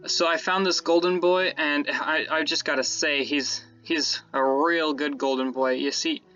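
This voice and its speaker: A man's voice: a little high, steady tone, measured pace, bright, forceful tone, highs cut off, faint music behind. A man giving casual gameplay commentary as he builds, rambling and correcting himself as he explains his setup to viewers. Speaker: Minecraft let's-play creator.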